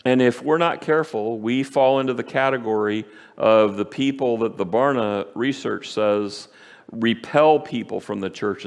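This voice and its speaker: A man preaching a sermon as pastor, emphatic, repeating key phrases and slowing down for stress. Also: lowish voice, creaky. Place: church sanctuary. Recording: church hall with long reverb.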